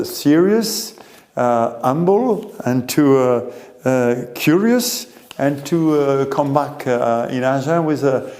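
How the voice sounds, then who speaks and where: A man with a French accent giving a formal ceremony speech, halting often with many hesitations. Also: mid-range voice, a little mellow. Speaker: delegation committee member.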